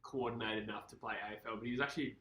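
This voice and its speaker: A man's voice: fairly low pitch, steady tone, bright, forceful tone. A young man with a mild Australian accent, co-hosting a casual live stream over a football game and reading out viewer comments. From Perth, Australia. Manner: chatty, reads viewer comments, quick laughs. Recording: echoey room.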